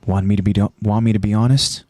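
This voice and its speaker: A man voicing a quiet, reserved young male soldier who answers in a subdued, hesitant way. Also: little pitch movement, fast talker, no room sound, lightly acted. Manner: subdued, hesitant, low-key.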